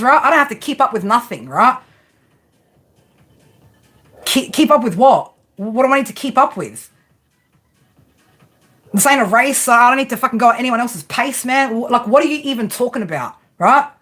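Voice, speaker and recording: A woman's voice: on the high side, pushed and bright. A woman who reads tarot, ranting unscripted on her stream, swearing freely and firing off rhetorical questions with a constant "right?". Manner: profane and combative, rhetorical questions, frequent "right?". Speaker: tarot and spiritual reader. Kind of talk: unscripted livestream rant.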